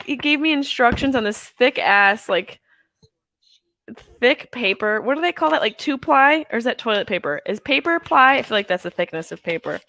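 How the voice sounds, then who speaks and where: A woman in her thirties, stoned at home, hosts a live movie watch-along, casually rambling and making crude jokes. She speaks a little slowly in an animated, slightly high, somewhat bright voice, with no room sound.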